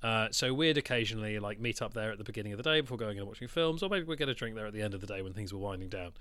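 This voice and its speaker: Lively animated podcast storyteller guy. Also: lowish voice, racing, no room sound. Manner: animated, swearing, laughing storyteller. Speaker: podcast co-host. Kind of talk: casual storytelling chat.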